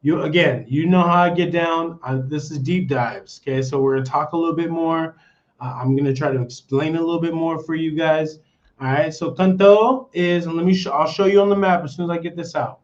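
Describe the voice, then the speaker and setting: A chatty man with an American accent hosts a casual livestream, his voice sitting a little high for a man. He rambles and keeps checking in with "okay?" and "all right?". The stream audio is dull and lo-fi. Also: fairly quick. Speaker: livestream host.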